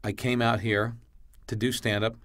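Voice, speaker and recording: Blunt animated man telling a story. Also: mid-range voice, normal speed. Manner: animated, acts out both sides of dialogue; blunt, swears freely. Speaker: guest comedian. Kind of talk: casual storytelling on a podcast.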